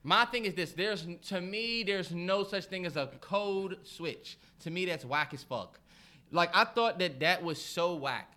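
Animated, high-voiced man ranting profanely. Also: unhurried. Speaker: podcast co-host. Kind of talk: casual podcast chat.

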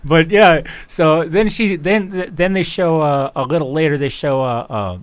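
A man's voice: fairly high pitch, unhurried, slight background noise. A man casually telling a rambling story on a talk show, full of fillers and restarts.

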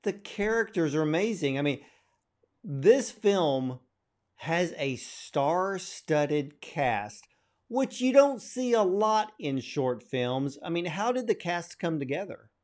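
A man's voice: a little high, very animated, takes it slowly, a little mellow. A man hosting an interview, asking questions and praising the film with enthusiasm. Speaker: interview host.

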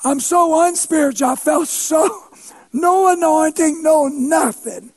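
High-voiced man preaching with lively shouts. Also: measured pace. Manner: animated, shouts for emphasis, playful self-mocking humor. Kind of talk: sermon storytelling.

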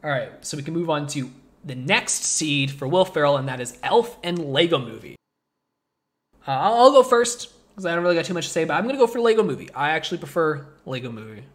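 A man chatting about films on a casual podcast, his voice sitting a bit high. He rambles, stacks up fillers and grows animated as he goes. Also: fast. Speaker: podcast host. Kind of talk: casual movie podcast chat.

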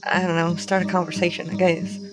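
A young woman playing a tabletop role-play game, giggly and playful, turning soft and soothing when she speaks in character. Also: on the low side, level tone, a little fast, background noise.

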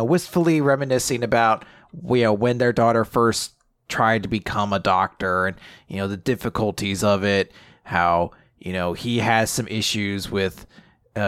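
A man's voice: lowish voice, fairly bright tone, smooth, no room sound, studio quality. A man co-hosting a casual chat, recapping a story with acted-out quotes and lots of fillers. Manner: rambling, acts out quotes, frequent fillers and swearing. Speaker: podcast co-host.

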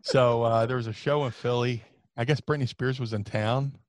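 A man in casual storytelling mode, speaking at a middle pitch with a loose, animated delivery. When he quotes himself he jumps up into a squeaky falsetto. The sound is dry and close, with no room around it. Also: normal speed, no room sound. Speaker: podcast guest, former wrestler.

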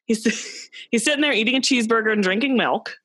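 A young woman hosts a casual chat, telling stories and often giggling as she goes. Her voice is bright and clear. The sound is dry and close. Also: a little high, brisk, no room sound. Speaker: podcast host. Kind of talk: casual chat, quiz and storytelling.

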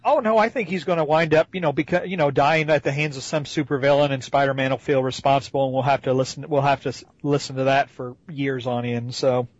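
A man's voice: medium pitch, fairly even intonation, fast, hardly any pauses, no echo, highs cut off. A man co-hosting a casual chat, sarcastic and fond of mocking with silly voices. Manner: sarcastic, mocks with put-on voices. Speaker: podcast co-host.

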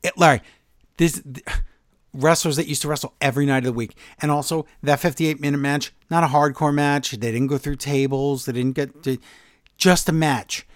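A man co-hosting a wrestling podcast in casual chat, blunt and teasing, quick to cut in. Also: on the high side, steady tone, dry recording, studio quality. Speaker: podcast co-host.

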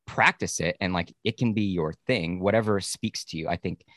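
A man hosting a podcast, talking in a relaxed, frank way with the odd curse. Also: sits low, normal speed, dry recording, clean studio sound. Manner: relaxed, frank, occasional swearing. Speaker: podcast host. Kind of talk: casual podcast conversation.

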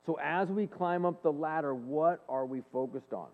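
A man's voice: on the high side, moderate pace. Man speaking in an echoing hall. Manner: storytelling, earnest and animated. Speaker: speaker and leadership coach. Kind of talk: faith-based talk to an audience. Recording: long hall reverb, phone-like band.

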